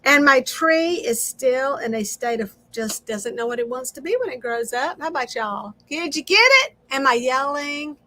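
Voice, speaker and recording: A woman's voice: high-pitched, animated, normal speed, few pauses, pushed and bright. A middle-aged woman hosting a casual craft livestream, chatting straight to viewers and laughing often.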